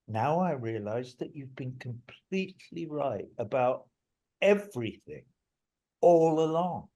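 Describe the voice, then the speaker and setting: Older man, husky voice, rambling, emphatic, interview guest. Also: mid-range voice, very animated, slow pace, warm tone. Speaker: musician guest. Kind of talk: interview storytelling.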